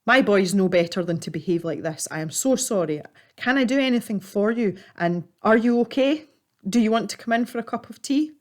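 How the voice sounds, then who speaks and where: A woman's voice: mid-range voice, animated, voice pushed up, close to an everyday voice. A woman voicing a flustered, apologetic middle-aged mother. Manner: hurried, fretful, apologetic.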